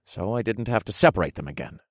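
A man narrating a first-person audiobook story in a slow, deliberate way. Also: lowish voice, lively intonation, dry recording, clean studio sound.

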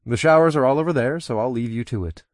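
A man's voice: mid-range voice, quick pace, no room sound, clean studio sound. A young man narrating a first-person audiobook in an easygoing, lightly amused way, also speaking the narrator's own lines.

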